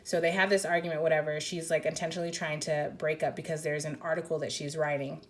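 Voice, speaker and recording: A woman with a somewhat low voice talks through a card reading in a loose, rambling way. She leans on "like" and often second-guesses herself as she goes. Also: little pitch movement, fast talker. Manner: rambling, heavy use of "like", tentative. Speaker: tarot card reader. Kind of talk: casual intuitive card reading.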